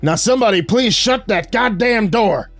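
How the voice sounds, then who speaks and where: A man voicing a grim, hard-bitten frontier monster hunter who barks gruff commands and curses. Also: sits high, expressive, moderate pace, no room sound, soft background music, voice pushed up. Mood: shouting.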